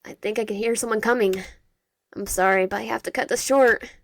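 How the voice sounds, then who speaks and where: A woman voicing an obsessive young male yandere character in a visual novel, speaking in a soft, creepy, intimate monologue. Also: fairly high pitch, steady tone, fairly quick, lightly acted. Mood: possessive.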